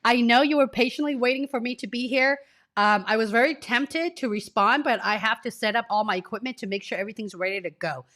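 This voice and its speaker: A woman in her forties, working as a career coach, speaks fairly quickly in a slightly high, somewhat bright voice. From her home office, through a desk mic, she streams live while sick, sniffly and near tears, talking directly and emotionally to her audience.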